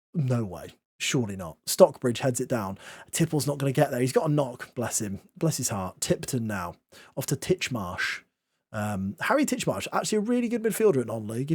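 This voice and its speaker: A man calls his football management match in a mock-commentator style, breaking off for wry, self-deprecating asides. His voice sits fairly high and swings widely in pitch. It is close and dry, with no room sound. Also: slightly rough, dry recording. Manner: lively, self-mocking, mock-commentator delivery. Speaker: gaming YouTuber. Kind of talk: playful game commentary.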